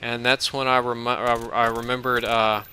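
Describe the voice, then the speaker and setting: A man casually narrating a long dream, with a very bright, cutting tone. He rambles with fillers, restarts and laughs as he goes. A faint hiss sits behind him. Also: medium pitch, little pitch movement, normal speed. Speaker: gaming channel host.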